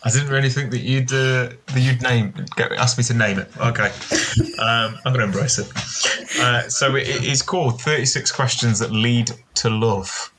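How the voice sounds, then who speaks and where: A man's voice: mid-range voice, normal speed, fairly bright tone. A man from Wales co-hosting a podcast, chatting casually and joking. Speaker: podcast co-host. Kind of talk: casual chat. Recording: noisy background with clicks.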